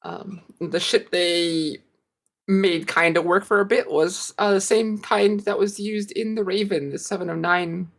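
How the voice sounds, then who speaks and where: A woman co-hosting a podcast, chatting casually with quick asides and easy laughter. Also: on the low side, steady tone. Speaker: podcast co-host. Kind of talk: casual chat.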